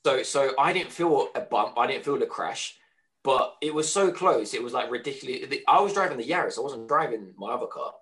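A man on a casual podcast, telling an animated anecdote at speed, stumbling over restarts. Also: mid-range voice, fairly quick. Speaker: podcast co-host. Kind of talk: casual storytelling chat.

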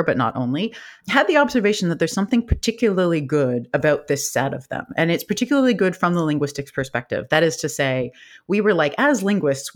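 A linguist guest on a podcast interview, explaining research with enthusiasm, laughing often, with sudden jumps in pitch. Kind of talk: animated academic podcast interview.

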